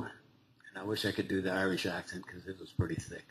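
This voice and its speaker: A man speaking to a recovery meeting, telling his story in a halting, conversational way with frequent restarts and small laughs. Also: deep voice, steady tone, a little hiss or hum, low-quality recording. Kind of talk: personal recovery story told to a group.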